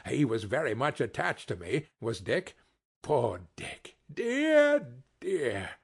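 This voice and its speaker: A man voicing an old miser who exclaims with feeling, in a husky, slow storybook reading. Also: medium pitch, big pitch swings, heavily acted. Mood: excited. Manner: exclaiming, emotional.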